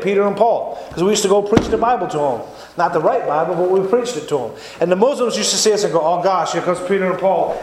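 A man giving an earnest, repetitive testimony sermon in a church. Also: sits high. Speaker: lay preacher giving testimony. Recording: echoey church room, faint noise.

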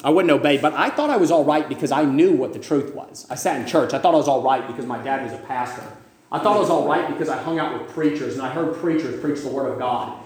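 A man preaching a fervent sermon, firing questions at his listeners and rising to loud cries. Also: on the high side, quick pace, roomy sound.

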